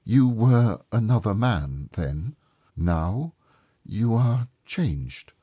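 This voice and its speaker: A man reading the part of a sorrowful young woman who softly releases her fiancé, speaking gently and with quiet reproach. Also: on the low side, very animated, drawn-out words, slightly rough, dry recording, clean studio sound, voice pushed up, full character voice. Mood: resigned resolve.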